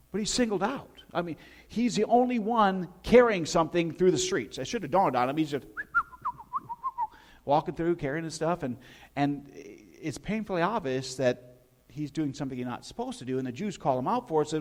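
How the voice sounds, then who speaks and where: A man preaching a sermon as pastor, telling the story in an animated way and putting questions to the congregation. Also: fairly high pitch, moderate pace.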